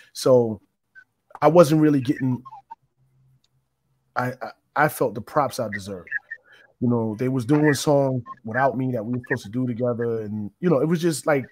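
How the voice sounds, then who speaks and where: A man speaks at medium pitch with a breathy edge, recorded dry with no echo but in low quality. As an interview guest, he tells his own story casually and reflectively, meandering and frequently restarting his sentences.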